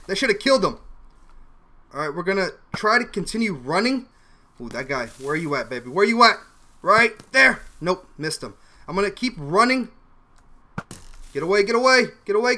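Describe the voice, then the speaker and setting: Young male gamer, bright tone, jumpy casual play-by-play. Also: sits high. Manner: excitable, yelps and laughs often. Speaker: gaming YouTuber. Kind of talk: casual gameplay commentary.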